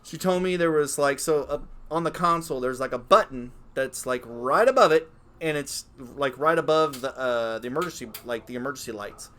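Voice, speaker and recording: A man in his late thirties co-hosting a podcast, telling stories in a casual, profane, animated way. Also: mid-range voice, a little fast. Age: 30s. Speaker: podcast co-host. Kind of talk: casual chat.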